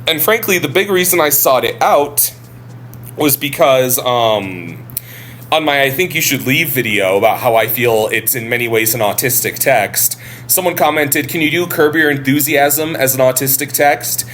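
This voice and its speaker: A man co-hosting a casual podcast, talking in an animated way, laughing often and swearing casually. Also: mid-range voice, moderate pace, a little hiss or hum. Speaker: podcast co-host.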